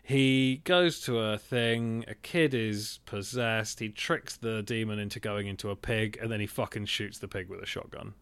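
A man co-hosting a podcast and chatting about a film in a rambling, animated way, swearing and laughing often. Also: on the low side, normal speed, hardly any pauses, smooth, no room sound. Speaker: podcast co-host. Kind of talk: casual film chat.

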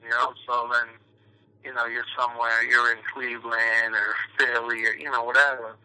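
A man's voice: mid-range voice, flat delivery, normal speed, pushed and bright, clear, resonant tone, poor audio. A man from New York, an actor guest chatting casually in an interview, rambling with lots of fillers and restarts.

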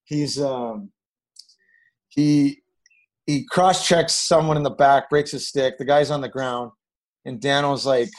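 Man, middle-aged, ex-hockey player, casual storytelling, rambling, average pitch. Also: takes it slowly, long pauses, low-quality recording. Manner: rambling, animated when quoting others. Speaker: former hockey player guest.

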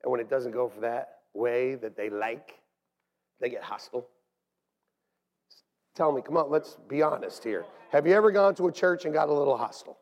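A man preaching a sermon as pastor in a church, animated and swinging between hushed asides and shouts. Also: mid-range voice, moderate pace, pauses often. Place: church sanctuary. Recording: long hall reverb.

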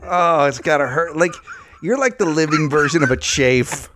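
A man's voice: on the high side, normal speed, noisy background. A man co-hosting a casual comedy chat, telling a story with lots of swearing and laughter. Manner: profane, animated storytelling with frequent laughs. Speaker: podcast co-host.

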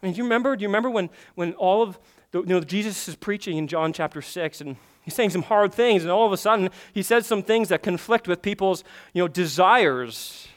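A man with a notably high voice preaching a sermon. He surges into loud, urgent appeals, then drops to hushed, intimate reflection. He peppers it with casual asides and rhetorical questions. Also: a little fast. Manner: emphatic, swings between loud urgent passages and hushed intimate ones. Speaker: pastor.

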